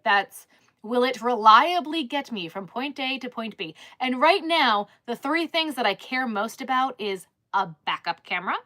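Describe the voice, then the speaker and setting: A woman's voice: mid-range voice, pushed and bright. A woman chatting casually on a live stream, rambling with lots of restarts and filler words.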